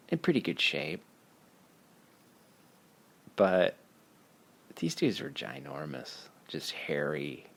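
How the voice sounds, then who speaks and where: A man telling a casual, profane story, laughing as he goes in an animated way. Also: sits low, vocal fry.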